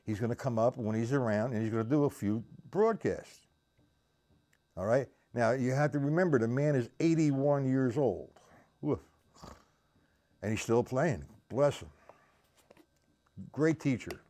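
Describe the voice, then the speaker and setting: A man teaches drums over a live stream, counting triplets out loud and chatting casually with viewers by name. His voice sits at an ordinary middle pitch, and drums sound around him as he plays. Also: animated, measured pace, pauses often. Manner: counts beats aloud, chats with viewers. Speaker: drum teacher. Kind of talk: live-streamed drum lesson. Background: drums played while talking.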